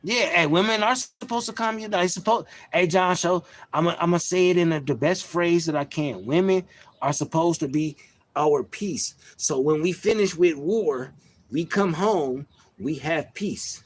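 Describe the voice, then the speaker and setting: In a laid-back livestream monologue, a high-voiced Detroit host speaks softly and evenly at normal speed. He sounds reflective, slangy, and prone to filler phrases.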